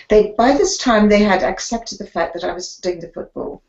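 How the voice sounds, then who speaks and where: An older woman, a sports photographer and guest on an interview show, telling her stories in an animated way and acting out the voices of the people she quotes. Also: medium pitch, normal speed, hardly any pauses, muffled recording. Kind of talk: storytelling interview.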